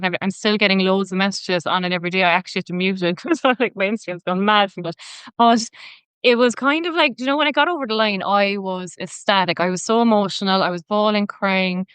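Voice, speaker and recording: A woman's voice: medium pitch, fairly bright tone, smooth, no room sound. An Irish woman in her thirties, a personal trainer and podcast guest, chatting and telling stories with lots of "like" fillers. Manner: chatty storytelling, many "like" fillers. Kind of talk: casual interview chat.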